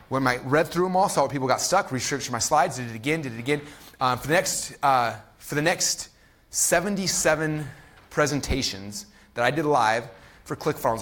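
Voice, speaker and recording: A man's voice: mid-range voice, fairly bright tone. A man in his thirties giving a live marketing masterclass, telling a story at speed with energy and acting out quotes. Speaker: online marketing teacher.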